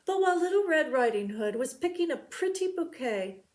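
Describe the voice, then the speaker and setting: A woman, a children's librarian, reading a storybook aloud slowly and expressively. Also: sits high. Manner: slow and expressive.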